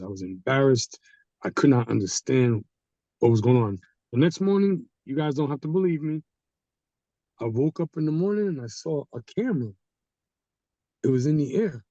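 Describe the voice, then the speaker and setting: Animated male storyteller, dark timbre, dry and slightly dull recording. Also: mid-range voice, dry recording. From Haitian community. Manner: animated, acts out quoted people. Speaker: guest storyteller. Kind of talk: casual storytelling. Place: studio.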